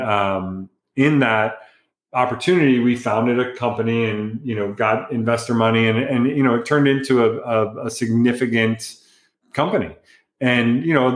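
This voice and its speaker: A middle-aged man, a photographer and entrepreneur, telling rambling, profane, self-mocking stories as a guest in a casual interview. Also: lowish voice. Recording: echoey room.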